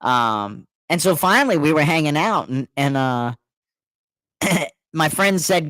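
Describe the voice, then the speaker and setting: A middle-aged man telling a story in casual chat, animated, laughing often and acting out what others said. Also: fairly high pitch, moderate pace, no room sound. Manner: animated, laughing, repeats words, acts out quotes.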